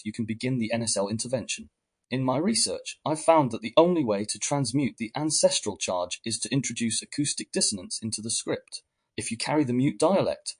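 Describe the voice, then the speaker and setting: A man narrates a prepared script in a measured, lecturing way. His voice is slightly husky and breathy at a middling pitch.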